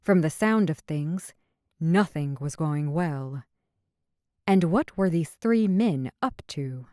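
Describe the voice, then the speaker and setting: A woman narrates a fantasy audiobook in an even, measured way. Her voice is low, and the recording is close and dry with no room sound. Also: no room sound. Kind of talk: scripted narration.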